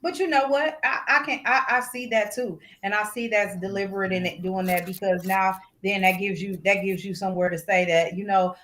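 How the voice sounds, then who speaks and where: A woman co-hosting a casual talk show, telling a story in an animated way, laughing often and swearing freely. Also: medium pitch, a little fast, hardly any pauses. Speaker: co-host.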